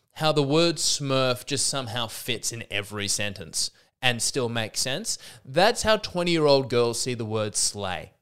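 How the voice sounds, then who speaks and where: In a medium-pitched voice that's clear, resonant, and a bit bright, a thirties-aged podcast host rants solo for laughs. He sounds exasperated, sarcastic, and a little sick, and keeps restarting.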